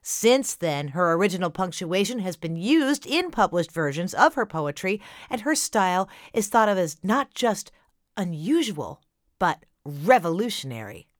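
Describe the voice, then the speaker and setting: A woman's voice: fairly low pitch, very animated, measured pace, dry recording, studio quality. A woman hosting a children's classical music podcast, explaining things simply and cheerfully to young listeners. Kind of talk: scripted kids' podcast narration.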